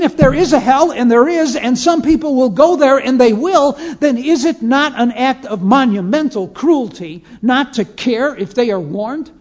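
A man's voice: very high-pitched, darkish tone. A man preaching a sermon, telling stories and urging his listeners with earnest, emphatic repetition. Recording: muffled lo-fi sermon recording.

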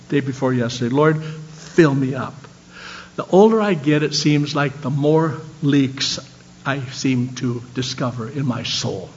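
An older man preaching a sermon, telling stories and swinging between animated lines and soft, low ones. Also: a little hiss or hum. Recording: dull lo-fi sound.

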